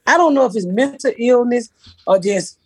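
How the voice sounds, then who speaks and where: Blunt, profane woman comic; husky voice, dry close sound. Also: fairly high pitch, animated, moderate pace, a little mellow, dry recording. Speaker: comedian co-host. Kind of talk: casual podcast chat.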